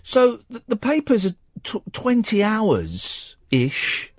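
A man's voice: sits high, huge pitch swings, no room sound, clean studio sound. A man hosting a late-night phone-in radio show, talking casually with many restarts and nursing a sore throat from a cold. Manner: rambling, halting, many restarts. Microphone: studio microphone.

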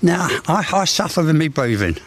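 An elderly man in his eighties, short of breath as he talks, bluntly airing a grievance. His pitch swings widely and sits a little high for a man his age, and he wanders from point to point. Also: big pitch swings, normal speed. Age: 80s. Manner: aggrieved, blunt, rambling complaint. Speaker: local resident interviewed. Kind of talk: on-location news interview.

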